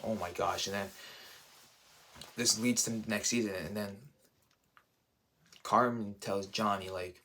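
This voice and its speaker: A man's voice: on the low side, moderate pace, a bit bright, slight background noise. A man giving a casual spoiler review, enthusiastic and rambling, full of fillers. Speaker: show reviewer.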